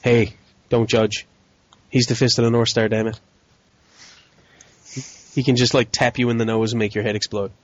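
A man's voice: mid-range voice, level tone, moderate pace, long pauses, highs cut off. A man co-hosting a casual gaming podcast, reading news headlines with sarcastic asides and frequent laughs.

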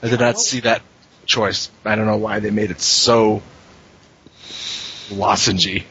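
Hosting a laid-back podcast panel, this man meanders, corrects himself mid-thought and laughs a lot. His lowish voice is sharp-toned, fairly even and a little slow, and the dull lo-fi audio carries a slight hiss or hum.

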